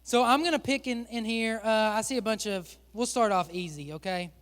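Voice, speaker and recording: A man's voice: high-pitched, moderate pace, fairly bright tone, long reverb tail. A male pastor giving a playful sermon, joking and chatting with volunteers on a church stage.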